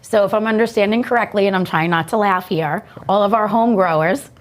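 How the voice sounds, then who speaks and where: A woman's voice: mid-range voice, fairly quick. A woman hosting an interview, asking friendly, curious questions. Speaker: interviewer, host. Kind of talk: conversational interview.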